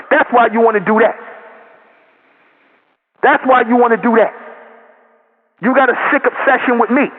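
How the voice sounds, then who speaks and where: A man giving a loud, profane, confrontational monologue as a group leader, with a raised voice and a lot of repetition. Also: very high voice. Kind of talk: impassioned monologue. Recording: tinny phone-like audio with long reverb.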